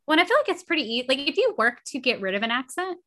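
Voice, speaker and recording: A chatty woman with a faint Southern accent and a bright, clear tone, talking casually on a podcast. She fills her sentences with likes and keeps a light, easygoing flow. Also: sits high, sing-song, very fast. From southern Georgia, USA. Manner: chatty, many likes, laughs often. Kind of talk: casual chat.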